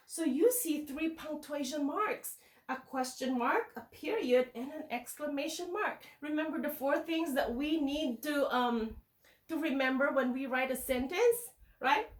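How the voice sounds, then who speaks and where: A woman teacher reading a picture book aloud to young children in slow, sing-song teacher talk, checking in with them often. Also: sits high, lively intonation, recorded from a distance. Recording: echoey room, voice away from the mic.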